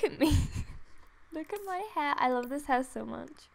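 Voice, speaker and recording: Young woman gamer, high gravelly voice, unhurried, gushing and gasping over a game. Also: noisy background. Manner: gushing, gasping and laughing, near tears with excitement. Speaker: gaming vlogger. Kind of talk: excited gameplay commentary. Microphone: desktop USB microphone.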